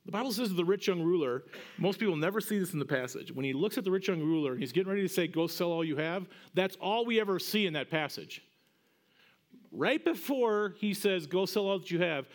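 Animated, high-pitched preaching pastor. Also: male voice, a little fast. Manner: animated, conversational preaching with rising emphatic peaks. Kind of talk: sermon.

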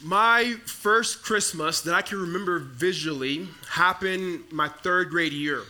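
A man's voice: high voice, measured pace, pushed and bright. A young man from the Congo preaching a Christmas sermon in a church, telling a childhood story in a casual, conversational way with frequent restarts. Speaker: pastor. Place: church sanctuary.

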